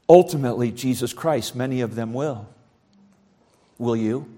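A man preaching a sermon, swinging between loud, shouting emphasis and low, quiet passages. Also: moderate pace, pauses often.

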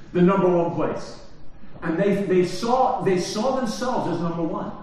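A man preaching a sermon, asking the congregation questions and swinging from hushed, low phrases to loud shouts. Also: lively intonation, a little slow. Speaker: pastor. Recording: very echoey hall from far off.

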